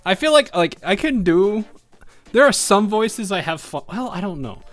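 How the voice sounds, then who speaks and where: A man's voice: sits high, very animated, moderate pace, faint music behind. A man giving casual commentary on a game he is playing, rambling with restarts and laughing often. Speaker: game streamer.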